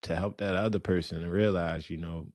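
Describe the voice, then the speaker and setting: A man's voice: deep voice, fairly even intonation, a little fast, darkish tone, no room sound. A middle-aged man hosting a casual interview, laid-back and encouraging, laughing often. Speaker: show host.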